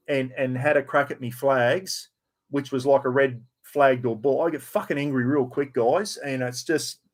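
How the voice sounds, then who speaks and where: Aussie bloke mid-aged, swearing heaps, ranting to camera, voice a bit high. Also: male voice. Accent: Australian. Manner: blunt, heavily profane, heated storytelling. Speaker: vlogger. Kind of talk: casual rant to camera.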